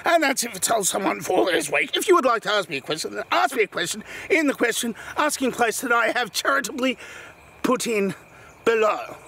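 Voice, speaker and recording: High bright-voiced rambling comic storyteller man. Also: expressive, a little fast, vocal fry, a little hiss or hum. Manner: rambling, self-correcting, tangents and put-on accents. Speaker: comedy vlogger telling a joke story.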